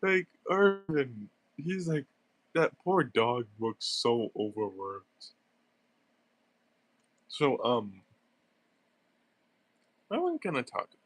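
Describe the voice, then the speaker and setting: A young man with a stuffy nose talks a game stream through in a slow, meandering way, full of fillers and little laughs. His voice sits at an everyday middle pitch, close to the mic in a dry, dead-sounding room. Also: big pitch swings, no room sound. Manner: rambling, filler-heavy, giggly. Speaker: gaming streamer. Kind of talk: casual gameplay commentary.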